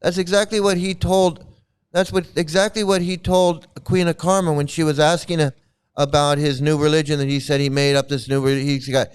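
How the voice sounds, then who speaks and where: A man hosting his own channel, reacting live and circling back over the same points again and again. His voice sits on the high side for a man, and it comes across clean and resonant. He stumbles, restarts and repeats himself as he goes. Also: little pitch movement, normal speed, clear, resonant tone. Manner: rambling and repetitive, many restarts. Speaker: channel host.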